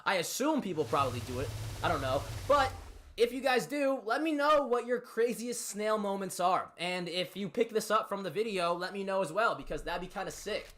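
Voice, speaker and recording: A man's voice: high-pitched, expressive, moderate pace, a bit bright. Profane young man telling a story. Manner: profane, emphatic, rhetorical asides. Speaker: YouTube storyteller. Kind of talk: casual storytime monologue.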